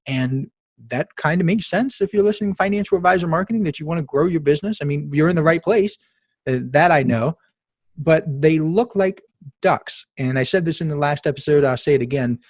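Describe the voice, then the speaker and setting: A podcast host with a slightly high, somewhat mellow voice talks fairly quickly on a dry recording. He's chatty and emphatic, telling stories and tossing asides to his listeners.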